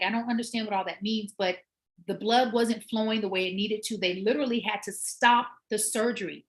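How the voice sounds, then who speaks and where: A middle-aged woman hosting her own show, telling a story as a personal trainer, animated and emphatic and repeating words for effect. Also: medium pitch. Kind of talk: storytelling monologue.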